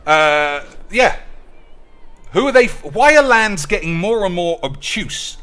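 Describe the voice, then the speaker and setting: A man's voice: sits high, animated, a little slow, sharp tone, clear, resonant tone. Sarcastic, sweary man ranting. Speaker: streamer. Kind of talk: gameplay commentary.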